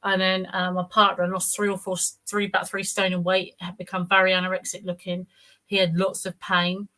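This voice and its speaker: A woman's voice: fairly low pitch, completely flat delivery, brisk, bright, forceful tone. A woman telling her own story in a rambling, casual way, repeating words and acting out what others said. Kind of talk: casual personal account.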